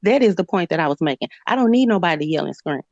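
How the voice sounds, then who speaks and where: A woman's voice: on the low side, expressive, racing, darkish tone, dry recording. Blunt, profane woman on a dry, muffled line. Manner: blunt, profane, repeats her point insistently. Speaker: live-stream participant. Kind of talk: heated live-stream argument.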